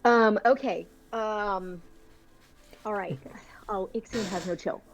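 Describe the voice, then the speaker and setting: A woman playing a character in a tabletop game over a call. She talks casually and hesitantly, filling gaps with ums and apologizing. Her pitch sits in the ordinary middle. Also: slow pace, low-quality recording. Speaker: player. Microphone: online call microphone.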